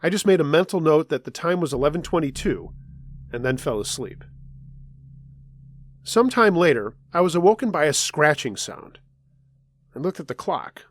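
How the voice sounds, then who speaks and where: Lively male horror story narrator. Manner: lively first-person storytelling, dropping low for tense moments. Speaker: storyteller reading listener stories. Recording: faint music underneath.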